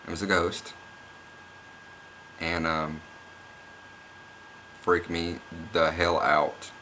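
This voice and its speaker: A young man vlogging, rambling excitedly through a spooky personal story, often restarting and repeating himself. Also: deep voice, drawn-out words, a little hiss or hum. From Oklahoma. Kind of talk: casual storytelling vlog.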